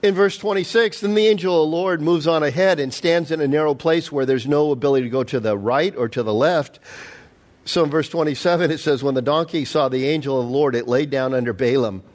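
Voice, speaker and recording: Man, pastor, sermon, high voice, animated, acts out quotes, middle-aged. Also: fairly quick. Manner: animated storytelling with acted-out quotes.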